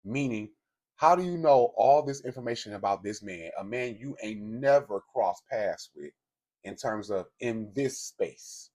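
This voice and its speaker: Man, husky low voice, casual gossip commentary, blunt and profane, talking straight to viewers. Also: lively intonation, unhurried, a little mellow. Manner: blunt, profane, conversational storytelling; speaks directly to viewers. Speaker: commentary host.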